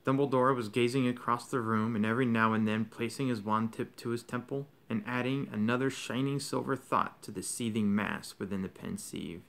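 A man reading a novel aloud to his children in a steady, even narrating voice. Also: medium pitch, a little fast, creaky, hardly any pauses.

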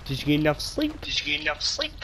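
A man's voice: fairly high pitch, very animated, quick pace, heavy background noise. A man swearing constantly, raging and laughing at himself while chatting through a shooter game. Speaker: gamer streaming his match. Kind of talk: casual gaming voice chat. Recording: loud in-game gunfire behind voice.

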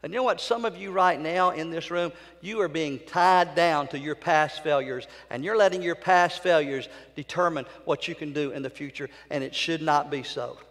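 Man, pastor, fervent sermon, high voice, long church reverb. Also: normal speed, few pauses. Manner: impassioned, swings from loud outbursts to near-whispers. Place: large church sanctuary.

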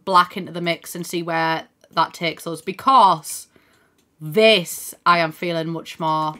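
Her voice sits on the low side, slow and fairly even in intonation, with a bright, forceful tone. A young woman on a casual live game stream, she muses aloud, names viewers as she thanks them, and swears and laughs often.

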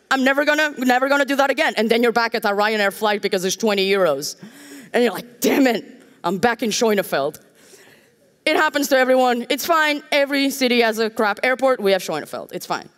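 A woman from Portugal giving a conference talk on a stage, joking and candid with wry asides. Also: fairly high pitch. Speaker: conference speaker. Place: large conference hall. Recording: hall reverb from a stage.

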